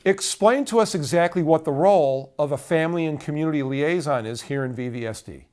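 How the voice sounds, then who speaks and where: A man interviewing a school staff member, asking measured, prompting questions. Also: on the high side, darkish tone.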